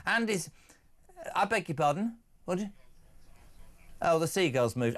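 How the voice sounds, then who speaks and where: A man's voice: fairly high pitch, animated. A middle-aged man hosting a live phone-in talk show, reading out texts and talking with blunt, joking asides. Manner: brisk, jokey and blunt. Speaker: radio phone-in host.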